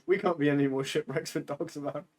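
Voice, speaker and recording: A woman's voice: low-pitched, fairly even intonation, quick pace, a little mellow. A woman chatting and teasing as a player in a tabletop game, laughing a lot. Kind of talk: casual chat at a tabletop game.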